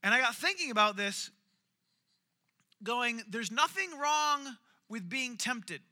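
A man's voice: very high voice, animated, slow pace, pushed and bright. A man preaching a casual sermon, telling stories and acting out the quoted lines. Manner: storytelling, acts out quoted lines.

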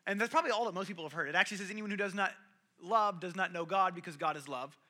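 His voice sits high, pushed and bright, and he races through it. The young preacher keeps things conversational, telling stories and performing the quoted voices of his characters.

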